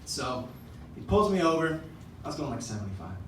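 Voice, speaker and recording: A man's voice: a little high, sing-song, a little fast. A man doing a stand-up routine on a theater stage, telling a rambling, self-deprecating story with stammered restarts. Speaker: stand-up comedian. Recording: echoey theater from far off, audience noise.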